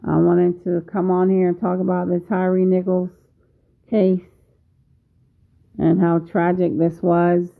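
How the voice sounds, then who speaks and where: Slow-talking woman in her fifties, tinny. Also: lowish voice, completely flat delivery, gravelly. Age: 50s. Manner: slow, measured, pausing often. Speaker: vlogger. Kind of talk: casual video commentary. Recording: tinny phone-like sound.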